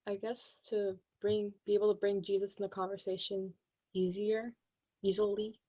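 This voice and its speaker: Girl in the study group, slow and unsure, kinda far off and muffled. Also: medium pitch, level tone, warm tone. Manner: slow and hesitant, searching for words. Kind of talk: casual group discussion. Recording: distant, muffled sound.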